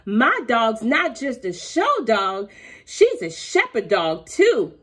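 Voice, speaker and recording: A woman voicing a stubborn young farm girl in a storybook read-aloud, talking high and insistent. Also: huge pitch swings, slow, a bit bright, exaggerated voice. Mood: stubborn, proud.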